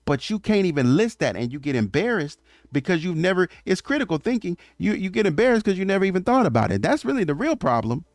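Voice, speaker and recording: A man's voice: sits high, big pitch swings, fast, no echo, clean studio sound. A man giving an opinionated commentary monologue on relationships, lecturing emphatically and often stammering through restarts.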